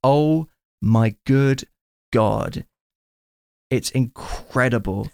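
Gravelly man retelling a film scene. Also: mid-range voice, drawn-out words, a little mellow, no echo, studio quality. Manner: enthusiastic, retells scenes at length. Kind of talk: casual film discussion.

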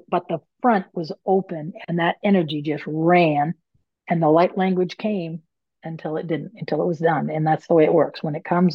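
A woman's voice: mid-range voice, slightly rough, dry recording, dull audio. A woman medium and author, telling her story casually and acting out her own panicked inner voice.

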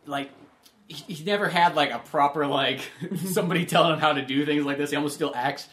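Animated young man chatting movies. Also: on the high side, brisk. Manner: animated, swears, laughs easily. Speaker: podcast co-host. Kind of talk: casual film discussion.

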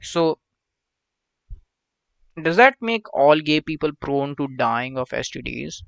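A man's voice: a little high, sing-song, slow, vocal fry, smooth, no echo, highs cut off. A man hosting a solo podcast, rambling crudely with lots of profanity, fillers and side tangents. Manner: meandering, with frequent fillers and asides. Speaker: podcast host.

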